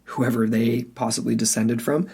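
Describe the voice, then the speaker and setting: A man co-hosting a podcast, his voice slightly husky and grainy. He chats casually and teases his co-host, often restarting his sentences as he thinks aloud. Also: medium pitch, fairly even intonation, normal speed, mellow. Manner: teasing, restarts often, talks things through aloud. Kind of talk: casual chat.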